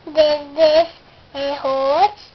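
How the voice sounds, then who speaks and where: A little girl retelling a fairy tale in halting, restarting phrases. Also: high-pitched, fairly even intonation, dull audio, background noise. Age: young child. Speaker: child storyteller.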